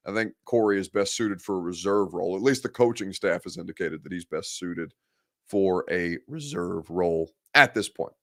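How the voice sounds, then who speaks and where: A man hosting a casual sports talk show, joking about himself and breaking into mock rants. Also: lowish voice. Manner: self-deprecating, jokey, ranting.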